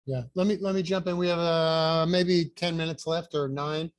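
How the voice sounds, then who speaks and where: A man's voice: a little high, normal speed, no room sound. A man hosting a group video call, casually asking questions and steering who talks next. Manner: casual, short affirmations, relaxed prompting. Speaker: host.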